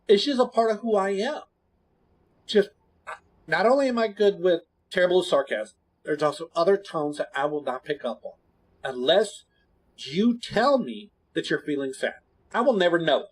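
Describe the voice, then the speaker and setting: Man, gaming streamer, husky voice, somewhat high, swings up and down a lot, blunt and rambling. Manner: blunt, candid and rambling, with sudden drops to quiet. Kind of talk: casual chat to stream viewers.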